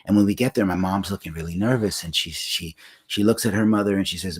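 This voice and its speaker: A man in his sixties telling a personal story on his livestream in a reflective, unhurried way, with many pauses and restarts. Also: sits low, slightly rough. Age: 60s. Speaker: singer-songwriter hosting a livestream.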